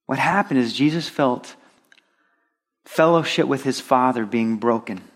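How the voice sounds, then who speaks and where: A man preaching a sermon, swinging between emphatic loud stresses and soft drops. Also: mid-range voice, unhurried.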